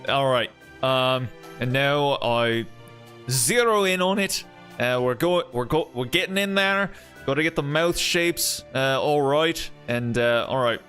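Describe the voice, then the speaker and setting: Brief: male streamer, loose, joking, swears a lot, mid-pitched. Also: measured pace, fairly bright tone, faint music behind. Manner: rambling, joking, swears freely. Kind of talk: casual game-stream commentary.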